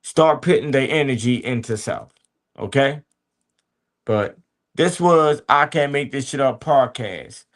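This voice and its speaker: A man's voice: medium pitch, unhurried. A man hosting a podcast, giving a blunt, profane motivational talk full of street slang and repeated asides to his listeners. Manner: blunt and profane, preachy street talk with many "you hear me". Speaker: podcast host. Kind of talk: casual motivational monologue.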